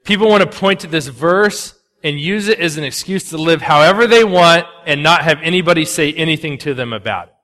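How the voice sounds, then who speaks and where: A man delivers a sermon in a chatty, lively way, punching up jokes and then dropping low and earnest. His voice is fairly high and sharp-edged. It carries a long reverb from a church sanctuary. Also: a little fast, hardly any pauses. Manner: animated, conversational, swings between loud punchy asides and quiet earnest lows. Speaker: pastor.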